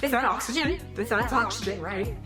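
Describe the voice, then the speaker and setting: A woman's voice: fairly high pitch, fairly quick. A woman voicing a nervous young girl who fires off anxious questions in a sing-song way. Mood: anxious, curious. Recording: echoey room with loud music.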